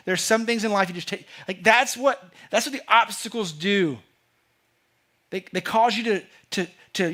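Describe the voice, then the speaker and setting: A man with a high-sitting voice, pushed and bright, preaches at a normal speed. He's a pastor addressing his congregation in the church sanctuary, earnest and forceful in his emphasis, often circling back with repeated words and fresh starts as he builds an argument.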